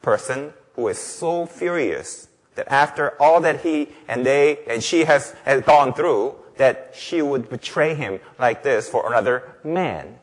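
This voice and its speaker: A man's voice: mid-range voice, breathy edge. A male pastor preaching a sermon, emphatic, with rhetorical questions and repeated phrases. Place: church sanctuary. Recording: long reverb of a large hall.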